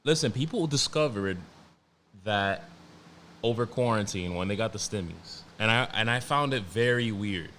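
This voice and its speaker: A man's voice: on the low side, expressive, normal speed, fairly bright tone, slight background noise. A man hosting a solo podcast, ranting in a casual, profane and emphatic way, often repeating himself and restarting sentences. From New York. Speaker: podcast host.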